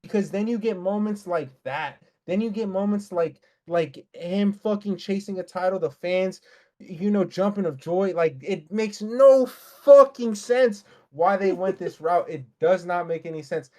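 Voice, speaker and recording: A man's voice: high-pitched, a little mellow. Fired-up profane man ranting. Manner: heated, profane, fast ranting. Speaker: podcast co-host. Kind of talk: casual wrestling podcast rant.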